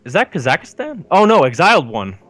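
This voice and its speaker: A man's voice: on the high side, big pitch swings, brisk, crowd noise. A man co-casting a game tournament in casual chat, with easygoing, brief replies. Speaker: esports caster.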